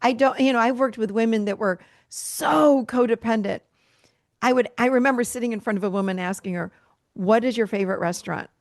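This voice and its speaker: A woman in her fifties speaks as a guest therapist, telling her stories with animated energy and voicing the people in them. Her voice sits on the higher side. The sound is dry and close, with no room around it. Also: a little fast, dry recording. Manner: animated storyteller, acts out quoted dialogue. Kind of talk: candid conversational interview.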